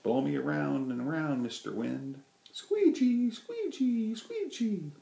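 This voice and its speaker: A man voicing a dutiful old farm windmill with a squeaky voice in a children's storybook reading. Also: fairly even intonation, moderate pace, gravelly, darkish tone. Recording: roomy echo.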